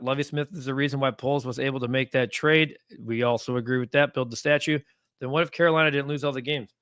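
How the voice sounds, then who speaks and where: A man's voice: mid-range voice, no room sound, studio quality. A man hosting a casual live sports talk stream, reading comments and getting heated as he rants. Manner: animated, gets heated and rants.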